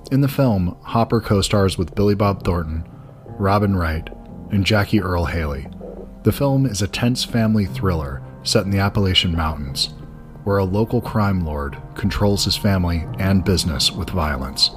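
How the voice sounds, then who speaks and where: A man's voice: sits low, lively intonation, normal speed, over music. A man from Georgia with a Southern accent, hosting a film podcast and chatting eagerly, often rambling with restarts. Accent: Southern American. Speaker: podcast host. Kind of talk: conversational film interview.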